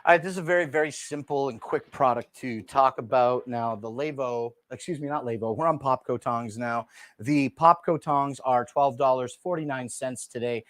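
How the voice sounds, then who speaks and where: This shopping livestream host talks from his desk in a small room through a desk mic, with no echo. His mid-range voice is fairly bright at normal speed, and his casual product showcase is chatty, filler-heavy and full of "dude" and "bro."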